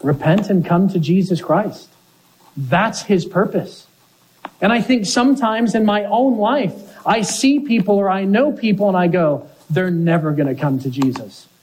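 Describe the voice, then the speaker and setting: A man's voice: high-pitched, animated, measured pace, darkish tone, a little hiss or hum, low-quality recording. A man preaching a sermon, earnest and full of rhetorical questions. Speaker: pastor.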